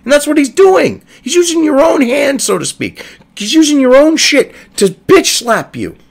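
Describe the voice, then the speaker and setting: High, gravelly man ranting heatedly. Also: big pitch swings, normal speed. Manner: profane, exasperated, heated. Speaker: online political commentator. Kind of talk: ranting commentary. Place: at a computer desk.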